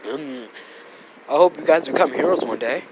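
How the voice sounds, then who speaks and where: A man's voice: on the high side, moderate pace, noisy background, close to an everyday voice. A man voicing a smug, sarcastic teen villain. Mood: cold. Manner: sarcastic, smirking. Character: smug young male hero turned villain.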